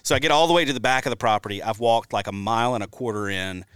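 A man hosting a casual hunting podcast, chatty and telling stories with lively asides. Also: medium pitch, racing, smooth, no room sound. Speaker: podcast host.

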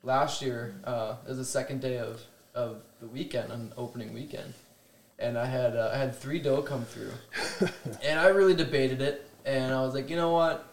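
A man's voice: medium pitch, moderate pace, slight background noise. A man hosting a podcast, telling a long hunting story in a casual, rambling way and chuckling at his own tales. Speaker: podcast host. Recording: roomy with faint ambience.

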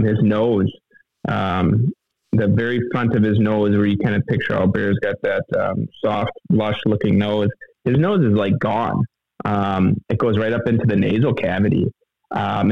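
Gravelly low-voiced man on a phone line. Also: dry recording. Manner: halting, rambling, earnest. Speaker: guest telling a hunting story. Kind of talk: casual storytelling interview.

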